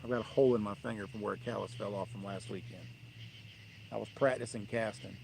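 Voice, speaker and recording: A man's voice: fairly low pitch, fairly even intonation, fast talker, creaky, noisy background. A man hosting a fishing livestream, telling rambling, blunt stories in a dismissive tone from a riverbank at night. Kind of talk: casual live-stream rant.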